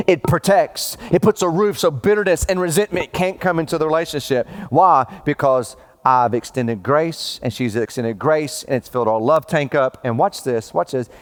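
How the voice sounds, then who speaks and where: A middle-aged male pastor preaching a sermon in a conversational, emphatic way, swinging between loud rising peaks and slow low stresses. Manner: emphatic and conversational, repeating "watch this" and addressing listeners as bro.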